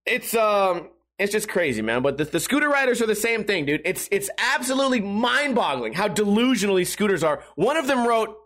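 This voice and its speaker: A man hosting a podcast, ranting in a casual comedic monologue, excitable and profane with rambling restarts. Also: high-pitched, a little fast, few pauses. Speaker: podcast host.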